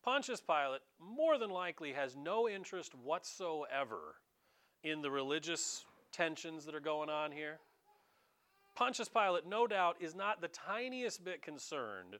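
A man preaching a conversational sermon as pastor, animated and dramatizing, talking straight to his congregation. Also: fairly high pitch, moderate pace.

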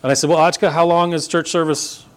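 A male pastor preaching a sermon in a church in a relaxed, conversational way, with chuckles and casual asides to the congregation. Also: fairly high pitch, fast. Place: church sanctuary.

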